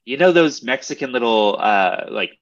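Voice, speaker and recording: A man's voice: medium pitch, lively intonation, normal speed, dull audio. A man in casual chat, speaking in an easygoing way as he reviews snacks. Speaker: podcast co-host.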